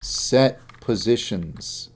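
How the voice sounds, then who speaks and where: Fairly low and slightly rough, this man's voice has lively intonation but moves very slowly. Drowsy, he streams his game development work, talking to himself as he codes and cracking jokes along the way.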